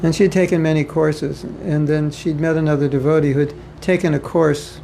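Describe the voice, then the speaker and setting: A man from the United States talks a little fast to devotees in an informal spiritual class, conversational and joking, repeating points frequently. His voice is slightly high, steady, creaky and mellow. The audio is poor, with a little hiss or hum over faint ambience from a home or temple room.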